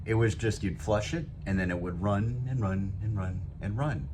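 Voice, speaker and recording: A man's voice: on the low side, normal speed. A man hosting his own motivational talk show, upbeat and rambling, poking fun at himself. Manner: upbeat, rambling, self-joking. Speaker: show host. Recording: noisy background.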